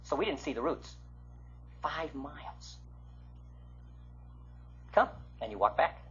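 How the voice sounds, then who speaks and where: Husky-voiced man teaching a sermon. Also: mid-range voice, moderate pace, faint music behind. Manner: animated, acts out voices of biblical figures. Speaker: Bible teacher. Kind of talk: teaching sermon with acted quotes. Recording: muffled lo-fi recording of a talk.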